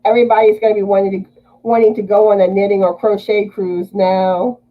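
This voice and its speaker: A woman's voice: medium pitch, flat delivery, fairly quick, narrow, tinny audio. A woman from Louisiana hosting a casual livestream, greeting viewers and reading their comments aloud.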